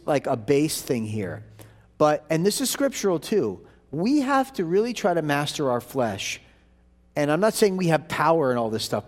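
Male preacher, slightly high voice with lots of swing, teaching and reading verses with emphasis. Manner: animated teaching, reads scripture aloud with emphasis. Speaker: pastor. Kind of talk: sermon.

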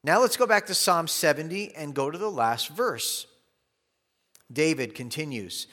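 Guy preaching a bible lesson, kinda high voice, earnest, explains word meanings, echoey hall sound. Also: animated, a little slow, fairly bright tone. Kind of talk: Bible teaching sermon.

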